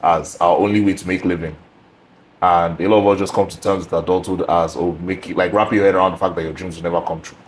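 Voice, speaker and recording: A young man hosting a podcast, talking about himself in a reflective, measured way with frequent ums and restarts. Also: sits low, fairly even intonation, low-quality recording. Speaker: podcast host. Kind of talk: casual interview chat. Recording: faint background noise.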